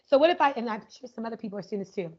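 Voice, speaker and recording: A woman educator leading an interactive online workshop, energetic and upbeat, often checking in with "right?", speaking over a video call. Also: a little high, very fast. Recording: muffled lo-fi video call audio.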